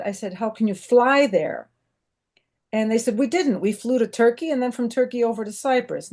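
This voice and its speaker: A medium-pitched, warm-toned American woman joins an online Q&A as an audience member. Over video call, she asks a long, rambling question with enthusiasm and plenty of fillers.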